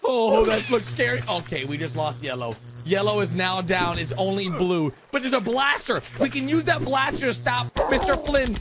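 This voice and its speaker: A man giving excited reaction commentary over animations, exclaiming and calling out to viewers. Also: high voice, normal speed, hardly any pauses. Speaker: YouTube commentator. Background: background music.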